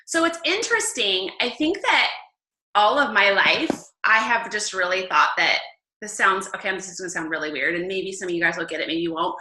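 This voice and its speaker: A woman leading a casual Bible study talk, chatty and upbeat, laughing often and filling pauses with "um.". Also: mid-range voice, animated, sharp tone, roomy sound, slight background noise, rough recording.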